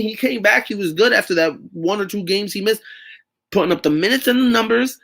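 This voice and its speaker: A man with a high-pitched, slightly bright voice hosts a casual sports talk show. His delivery is loose and profane, rambling along with frequent restarts.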